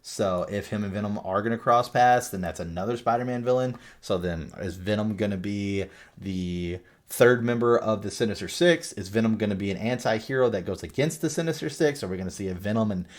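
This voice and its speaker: A man with a fairly low voice talks through a movie review in a loose, unscripted way. He rambles, swears casually and leans on fillers as he goes. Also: brisk, hardly any pauses. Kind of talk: casual spoken film review.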